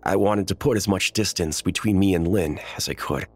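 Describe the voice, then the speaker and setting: A man narrating a first-person horror story in a measured, tense storytelling manner. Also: sits low, darkish tone.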